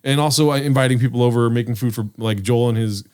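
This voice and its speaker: A man's voice: mid-range voice, fast talker, darkish tone, clear, resonant tone. Podcast co-host, male, mid-range voice, loose reflective ramble. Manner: rambling, reflective, lots of fillers. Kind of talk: casual chat.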